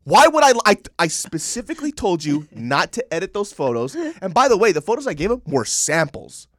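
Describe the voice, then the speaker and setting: A man in his thirties co-hosting a podcast, telling a story in casual, profane chat and shouting when he quotes himself. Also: a little high, sing-song, a little fast, no echo, clean studio sound. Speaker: podcast co-host.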